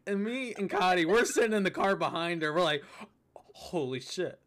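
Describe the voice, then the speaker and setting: A young man hosting a podcast, telling a story in casual chat with bursts of laughter and loud impressions of his friends. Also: sits high, quick pace. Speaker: podcast host.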